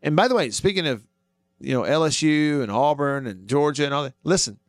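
A man's voice: on the high side, a little fast, no echo, studio quality. A man hosting a sports talk radio show, arguing his points and asking listeners questions. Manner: animated, argues with himself, asks listeners questions.

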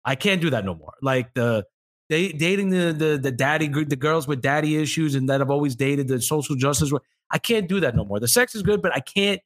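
Man, podcast regular, animated pitch, fast, blunt, casual swearing. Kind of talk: casual group chat.

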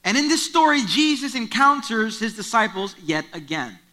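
A man's voice: high voice, big pitch swings, moderate pace, pushed and bright. A man preaching a sermon, retelling a story in a conversational way and driving points home through repetition. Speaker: pastor.

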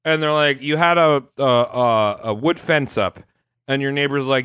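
A man's voice: mid-range voice, normal speed, a bit bright, smooth, no echo, studio quality. A man co-hosting a comedic history podcast, rambling through profane jokes and goofy comparisons. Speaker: podcast co-host. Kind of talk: casual comedic history chat.

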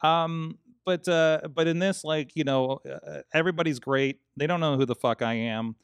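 This man co-hosts a podcast, speaking at normal speed in a fairly high, smooth voice. His casual chat rambles, full of fillers and restarts, and he swears often; there's no room sound.

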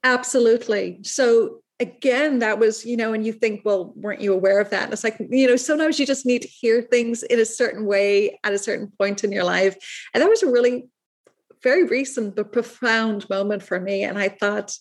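A middle-aged woman from Ireland with a soft Irish accent drifting toward American, speaking in a thoughtful, halting way as an author being interviewed. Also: fairly high pitch. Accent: soft Irish, shifting toward American. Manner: thoughtful, halting, many restarts and fillers. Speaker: author guest. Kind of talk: reflective interview talk.

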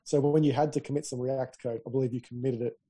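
A man's voice: mid-range voice, fairly even intonation, quick pace, mellow, slightly rough. A man co-hosting a podcast, chatty and easygoing, telling stories in casual conversation. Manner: chatty, laughing easily, storytelling. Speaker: podcast co-host. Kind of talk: casual tech chat.

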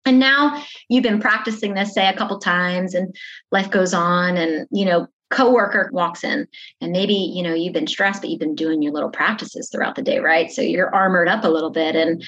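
Lively woman explaining on a podcast. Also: fairly low pitch, highs cut off. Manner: animated, acts out inner self-talk, laughs often. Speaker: podcast guest. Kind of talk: conversational teaching.

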